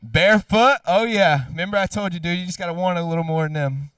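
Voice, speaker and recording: A man doing loud, teasing live commentary at an outdoor racetrack. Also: high-pitched, quick pace, clean tone, no room sound, recorded from a distance. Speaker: track announcer. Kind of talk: live trackside hype commentary.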